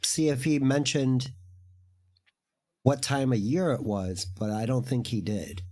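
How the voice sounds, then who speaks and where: Man, mid-pitched voice, co-host, hesitant, lots of ums and uhs, casual chat. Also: unhurried, a little mellow. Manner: hesitant, apologetic, many fillers.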